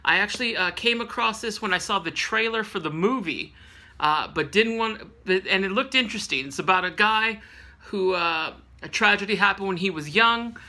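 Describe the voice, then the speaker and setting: Guy in his late 30s rambling about books, um and uh everywhere, kinda high, really bright voice. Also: normal speed. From California. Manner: rambling, chatty, with frequent fillers and self-corrections. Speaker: book reviewer. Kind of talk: casual book review vlog.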